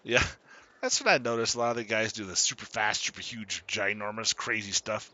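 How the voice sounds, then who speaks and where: Chatty man with a lively, bright voice. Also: on the low side, fairly quick, lo-fi sound. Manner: chatty, laughs easily, greets chat viewers. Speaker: gaming streamer. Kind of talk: casual gameplay commentary.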